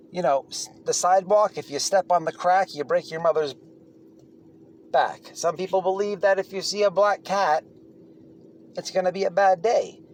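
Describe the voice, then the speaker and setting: A man's voice: high voice, slight background noise. Blunt, profane man telling prison stories. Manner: blunt, profane, rambling with restarts. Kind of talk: casual storytelling monologue.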